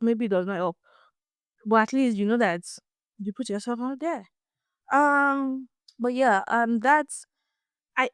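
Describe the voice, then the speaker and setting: A young Nigerian woman hosting a casual solo podcast, chatty and animated, laughing often and repeating words as she goes. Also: mid-range voice, clear, resonant tone, dry recording, studio quality. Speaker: podcast host.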